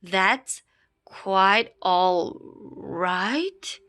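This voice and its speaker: A woman's voice: high-pitched, steady tone, drawn-out words, pushed and bright, pitched above the performer's own voice, heavily acted. A woman voicing a timid, kindly man who stammers and hesitates nervously, in a storybook reading. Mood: bewildered. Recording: faint music behind.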